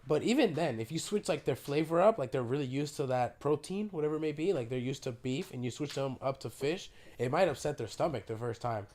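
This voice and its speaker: Man, podcast host, casual chat, sore throat, animated and profane, slightly high voice. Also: brisk, few pauses. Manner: animated storyteller, swears freely, laughs through the telling.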